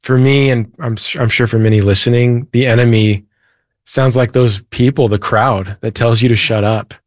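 A man's voice: medium pitch, fairly even intonation, normal speed, dry recording, studio quality. A man, a Christian author and preacher, earnestly retelling a Bible story as a guest in an interview. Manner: earnest, retells scripture with quoted voices.

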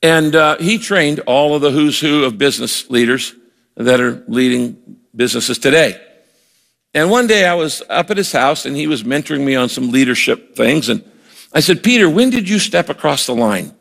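A man's voice: medium pitch, lively intonation, normal speed, gravelly, a bit bright. An older man preaching a sermon as a pastor, earnest and emphatic, often repeating words and acting out quoted lines. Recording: long hall reverb.

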